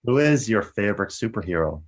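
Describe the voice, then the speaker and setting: A man with a somewhat low voice hosts a podcast. He puts short, upbeat questions to his guest one after another in a quick-fire format. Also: sing-song. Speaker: podcast host. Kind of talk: rapid-fire interview questions.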